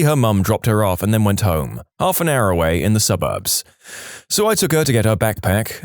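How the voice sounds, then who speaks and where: A man reading reddit stories aloud in a lively storytelling manner. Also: medium pitch, dry recording, clean studio sound. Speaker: narrator.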